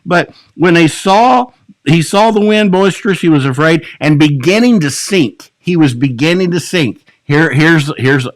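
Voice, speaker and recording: A man leading an evening Bible study as a pastor, preaching with passion, dropping to a hush and then climbing to emphatic peaks. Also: a little high, lively intonation, measured pace, no room sound. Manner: impassioned, swings between hushed and rising emphatic preaching. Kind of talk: sermon.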